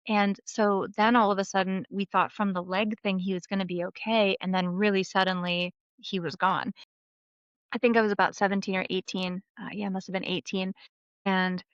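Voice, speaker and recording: A woman in her thirties, a guest on a podcast, telling a family story in an animated, casual way. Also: medium pitch, clean tone, no room sound. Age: 30s. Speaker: podcast guest, memoir author. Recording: dull lo-fi sound, dry.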